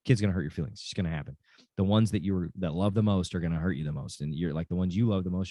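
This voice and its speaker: A middle-aged dad and football coach gives an earnest, casual talk on parenting, often repeating phrases and restarting sentences. His voice is low and a little mellow, with no room sound.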